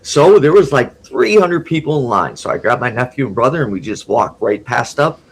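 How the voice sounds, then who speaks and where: A man guesting on a podcast, rambling excitedly through a casual story and laughing often. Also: mid-range voice, moderate pace, a little hiss or hum.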